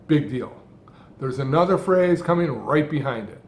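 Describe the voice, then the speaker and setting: A man's voice: a little high, expressive. A man coaching on speech, talking in short, rhythmic, emphatic phrases in a scripted talk. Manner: rhythmic, deliberately phrased delivery with heavy emphasis. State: person who stutters, speaking fluently. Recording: echoey room.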